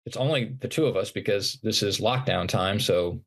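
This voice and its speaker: A middle-aged man, a motivational speaker appearing as a podcast guest, earnestly recounts his personal story in an interview. His voice is fairly low and a bit bright, at a normal speed. He acts out dialogue as he retells events and often restarts his sentences.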